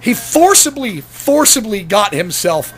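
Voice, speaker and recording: A man's voice: sits high, very animated, measured pace, a bit bright. A man telling a long personal story in a casual, rambling vlog, swearing freely and breaking into laughter as he goes. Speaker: vlogger.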